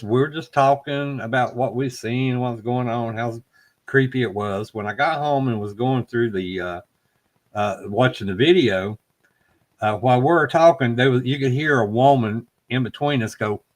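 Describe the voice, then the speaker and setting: A man's voice: mid-range voice, normal speed. Middle-aged man, podcast co-host, casual storyteller who swears and acts out voices. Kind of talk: casual chat. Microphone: live stream call.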